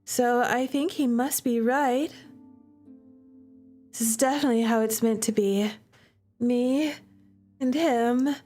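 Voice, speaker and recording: A woman reading aloud as a weary young woman held captive, quiet and drowsy, slipping into whispers. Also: on the high side, steady tone, slow, long pauses, faint music behind. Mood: dazed, wistful. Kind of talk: reading game dialogue aloud.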